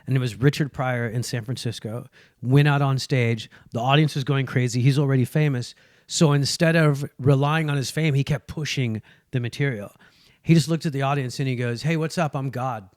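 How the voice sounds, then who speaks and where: A man's voice: mid-range voice, moderate pace, dry recording, clean studio sound. A man, a guest comedian, chatting casually on a podcast and acting out quotes as he tells stories. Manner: animated storyteller, acts out quotes.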